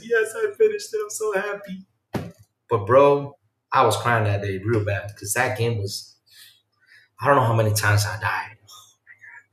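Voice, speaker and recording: A man hosting a casual podcast chat, telling stories in an animated way that swings from loud to quiet. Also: medium pitch, a little hiss or hum. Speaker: podcast host. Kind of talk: casual chat with a live chat audience. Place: home room. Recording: roomy sound from a distance off the mic.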